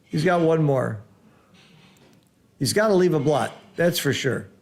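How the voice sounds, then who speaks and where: Man, middle-aged, slightly high voice, live backgammon commentary, excitable, explains strategy like a teacher. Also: unhurried. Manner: excitable, exclaiming over rolls, then explaining strategy.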